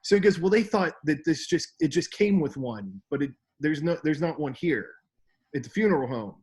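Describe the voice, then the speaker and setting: Animated young man telling a story. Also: a little high, moderate pace. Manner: animated, laughing, acts out quoted voices. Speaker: podcast co-host. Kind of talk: casual storytelling chat.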